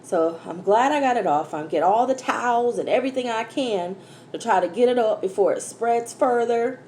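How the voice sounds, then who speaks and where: A woman's voice: on the high side, moderate pace. A woman, a mother, telling a story animatedly to her viewers in a casual chat while eating. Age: adult, mother of a school-age daughter. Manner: animated, exclaiming, addresses viewers as y'all. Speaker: food vlogger. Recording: echoey room, faint background noise.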